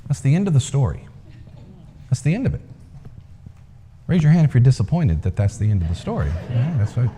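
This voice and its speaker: A man tells a story to a live audience, his voice lively and full of pitch swings. The hall around him adds a long, ringing reverb. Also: a little fast, pauses often, a little hiss or hum. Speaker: speaker, coach.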